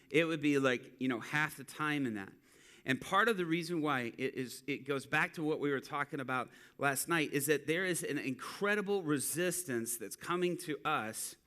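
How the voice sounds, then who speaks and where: A man preaching to a church, telling a street-ministry story and acting out the people in it. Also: on the high side. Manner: animated storyteller acting out quotes. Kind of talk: sermon storytelling.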